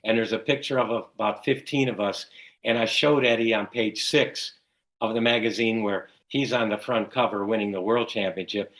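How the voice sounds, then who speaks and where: An older man from Chicago, a guest telling stories in an interview with lots of animated retelling. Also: lowish voice, normal speed, low-quality recording. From Chicago, USA. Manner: animated storyteller who acts out quoted dialogue. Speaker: guest, cycling race announcer. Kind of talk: casual storytelling in an interview.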